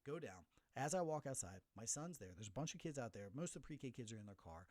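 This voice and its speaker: A man's voice: medium pitch, fast, dry recording. A middle-aged man hosting a solo podcast, telling a story with animation and acting out the voices of the people in it. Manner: animated storyteller who acts out the voices of others. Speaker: podcast host.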